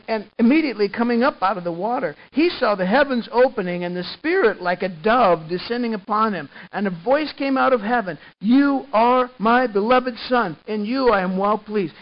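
A man preaching a sermon as pastor, animated, swinging from hushed tones to loud emphasis and often repeating words. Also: high-pitched, dull audio.

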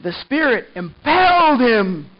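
With an extremely high voice and a slightly slow pace, this man preaches as a pastor, swinging from quiet passages to loud emphasis and repeating words often. The sound quality is lo-fi.

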